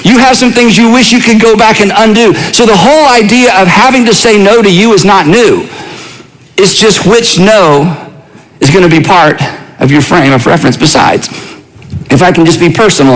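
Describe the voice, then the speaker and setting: High-voiced pastor with a conversational sermon. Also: male voice, moderate pace, poor audio. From United States. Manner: conversational, asks the audience questions.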